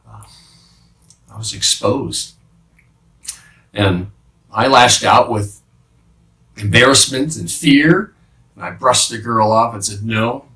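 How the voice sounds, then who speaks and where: A man playing the apostle Peter as a remorseful fisherman, confessing haltingly in a dramatic monologue with many restarts. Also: on the low side, sharp tone, exaggerated voice. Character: remorseful male fisherman apostle, middle-aged, haunted by guilt. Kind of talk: dramatic first-person monologue. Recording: roomy sound from a distant mic.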